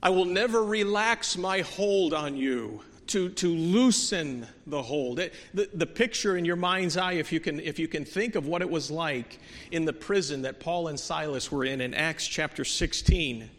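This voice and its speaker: A man's voice: fairly high pitch, normal speed. Earnest man preaching in a reverberant hall. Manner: earnest, swings from soft to emphatic with many restarts. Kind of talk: sermon. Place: church sanctuary.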